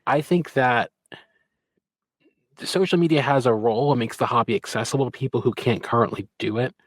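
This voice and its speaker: A man in a casual podcast talk, speaking in a thoughtful, reflective and measured way. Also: mid-range voice, no echo. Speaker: podcast co-participant, model railroader.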